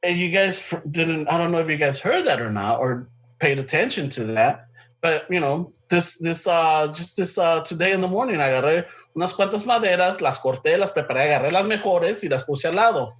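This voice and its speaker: A man's voice: on the high side, expressive, brisk, fairly bright tone. A man co-hosting a podcast in casual chat, rambling and defensive, mixing Spanish phrases into his English. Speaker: podcast co-host.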